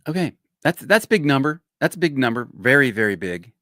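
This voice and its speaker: Excitable older man, lively pitch, dry sound. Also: a little fast, dry recording. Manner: excitable, rambling, repeats himself. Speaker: host. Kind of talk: casual commentary on a played clip.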